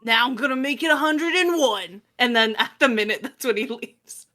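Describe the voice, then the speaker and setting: Bright high-voiced woman game master. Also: animated, moderate pace. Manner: casual, swears, asks for rolls. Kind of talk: running a tabletop game.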